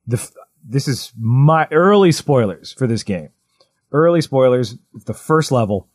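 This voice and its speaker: A man in his thirties, co-hosting a podcast in casual chat, rambling excitedly with lots of "like" and restarts. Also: medium pitch, unhurried, no room sound. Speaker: podcast co-host.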